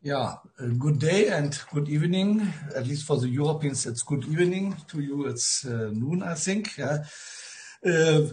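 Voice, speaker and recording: A man's voice: on the high side, animated, a little slow, darkish tone. A man with a German accent giving an academic talk over a video call, friendly and filled with hesitations. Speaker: guest speaker.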